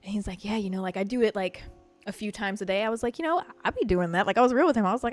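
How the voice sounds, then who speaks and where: A young woman hosting a podcast, rambling frankly through a personal story, laughing often, and she says she is high. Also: rapid-fire, faint music behind. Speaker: podcast host. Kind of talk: casual confessional chat.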